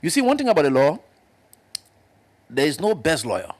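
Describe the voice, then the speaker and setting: Animated Liberian man arguing politics. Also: fairly quick. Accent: Liberian English. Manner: emphatic, animated, jumps up in pitch to press points. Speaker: panelist. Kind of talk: political talk show discussion.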